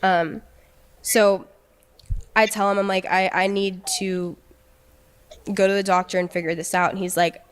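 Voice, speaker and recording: A young woman recounts a painful personal story in a halting way. She stumbles and repeats her words as she restarts her thoughts, at an ordinary pitch for a woman. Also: level tone, clean tone. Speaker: guest telling her story.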